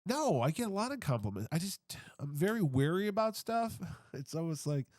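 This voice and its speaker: A man's voice: a little high, big pitch swings, normal speed, a little mellow, no room sound, clean studio sound. A man guest on a podcast, telling stories in casual chat and acting out tough street banter with mock threats. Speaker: podcast guest, comic convention founder.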